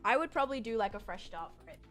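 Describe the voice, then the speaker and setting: A woman's voice: a little high, very animated, very fast, a bit bright, soft background music. A young woman from Australia with an Australian American accent, casually chatting on a gaming stream while answering chat and describing what she builds. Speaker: live streamer. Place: home room with her PC.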